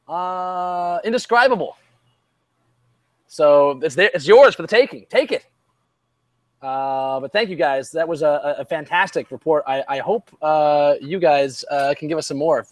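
A man's voice: a little high, no room sound. A man co-hosting a casual sports podcast, rambling with many fillers and wry jokes. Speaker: podcast co-host.

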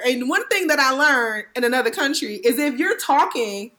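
An American woman in her thirties from Cleveland, hosting a casual podcast chat as an animated, emphatic storyteller who laughs often. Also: sits high, normal speed, hardly any pauses, rough recording. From Cleveland, USA. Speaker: podcast host.

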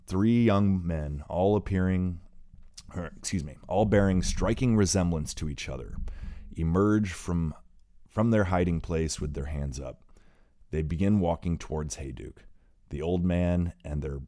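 A man narrating an audiobook in a steady reading voice, now and then correcting small slips. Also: rumbling low, no room sound, clean studio sound.

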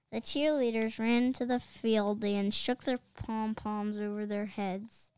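A woman reading a children's chapter book aloud in a lively, expressive way. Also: fairly high pitch, smooth, no room sound. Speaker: reader.

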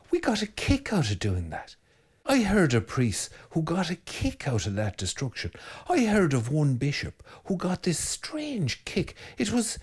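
A middle-aged Irish priest in casual monologue, answering viewer comments as an animated storyteller with musing asides. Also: male voice, mid-range voice, husky. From Ireland.

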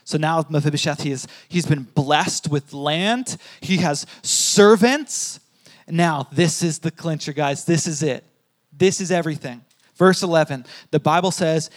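A male pastor preaching a sermon, emphatic, repeating key phrases and swinging between loud and soft. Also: on the high side, unhurried. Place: church hall with a congregation.

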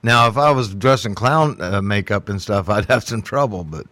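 A man's voice: fairly low pitch, moderate pace, a bit bright, dry recording. A man hosting a casual chat, joking and teasing the others playfully.

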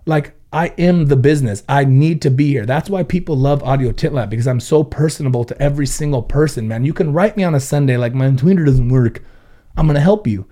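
A man's voice: mid-range voice, brisk, dark tone. Blunt, profane man telling stories. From Ventura County, California. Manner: blunt and profane, storytelling with quoted back-and-forth. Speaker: car audio shop owner. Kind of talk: casual podcast chat.

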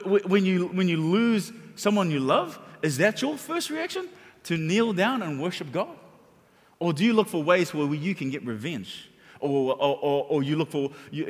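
High-voiced man preaching in a reverberant hall. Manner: animated, conversational preaching with many restarts. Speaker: pastor. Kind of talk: sermon.

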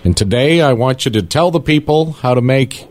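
A man's voice: medium pitch, expressive, normal speed, a little mellow, no echo. A man hosting a morning radio show, joking in a wry, self-deprecating way. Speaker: radio host.

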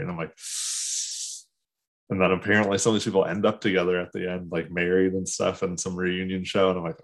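A man co-hosting a podcast, telling a rambling, animated story in casual chat and acting out the people he quotes. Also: low-pitched, brisk, vocal fry. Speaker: podcast co-host.

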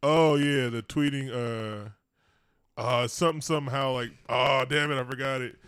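A man's voice: medium pitch, fairly even intonation, normal speed, fairly bright tone, clear, resonant tone, no echo. Laid-back slangy man in a dry room. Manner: loose, slangy, laughing often. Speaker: podcast co-host. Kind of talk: casual chat.

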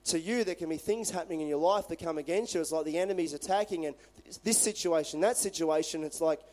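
High-voiced preacher, animated sermon. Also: male voice, quick pace. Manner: conversational, animated retelling. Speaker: pastor. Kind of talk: sermon with scripture reading.

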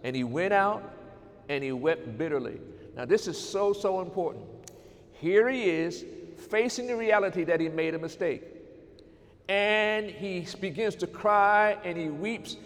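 Male preacher with a high voice and emphatic delivery, heard with a long hall reverb. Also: measured pace. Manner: emphatic, addresses the congregation directly, swings between loud and soft. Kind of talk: sermon.

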